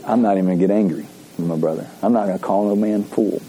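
A man's voice: fairly low pitch, fast, warm tone, slight background noise, low-quality recording. A man preaching a conversational sermon to his congregation. He repeats key phrases and asks the room to read scripture aloud with him. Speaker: pastor. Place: church service.

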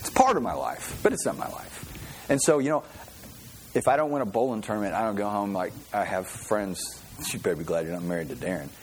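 A man gives a relaxed sermon in a church, talking like he's telling a story to friends. He repeats words and restarts his sentences often, with easy laughs. A faint murmur of the room sits behind his voice. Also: on the low side, quick pace, slight background noise. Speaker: preacher. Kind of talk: conversational sermon with personal story.

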